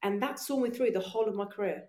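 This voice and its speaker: A woman guest on a podcast, telling animated stories in casual chat, swearing freely and acting out her own voice. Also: mid-range voice, fast talker. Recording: echoey room.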